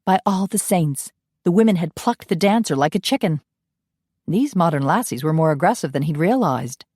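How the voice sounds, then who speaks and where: A woman narrating an audiobook in an even storytelling read. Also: low voice, a little fast, breathy edge, no echo, clean studio sound. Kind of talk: scripted narration.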